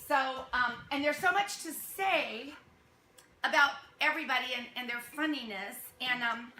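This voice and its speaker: A woman's voice: sits high, normal speed, a little hiss or hum. A woman directing a youth theater cast, speaking to them with laughter and acting out their lines. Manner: warm, laughing, acts out lines. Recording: echoey room with a crowd. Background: audience murmur and laughter.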